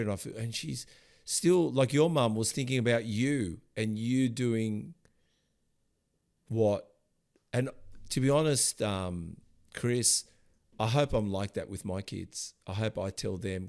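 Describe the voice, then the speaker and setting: Gravelly man hosting a podcast. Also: lowish voice, measured pace. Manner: emotional, rambling, gets loud and animated. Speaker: podcast host. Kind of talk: casual interview chat.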